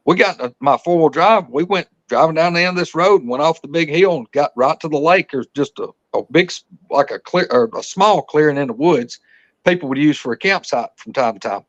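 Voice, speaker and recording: Animated and brisk, a man with a somewhat high voice recounts a hunting story on a podcast in a folksy, meandering way, often restarting his sentences. The audio is dull.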